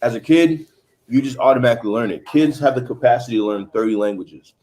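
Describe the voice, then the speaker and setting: A man's voice: medium pitch, fast, mellow. A man in his thirties from Haiti, hosting a casual livestream, chatting and reading viewer comments aloud. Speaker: livestream host.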